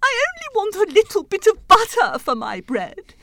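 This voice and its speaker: A woman's voice: fairly high pitch, big pitch swings, unhurried, fairly bright tone, exaggerated voice. A woman voicing a fussy, childish old king who sobs and whimpers over his breakfast, in a storybook reading. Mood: whimpering. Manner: whimpering, sobbing, then gleeful.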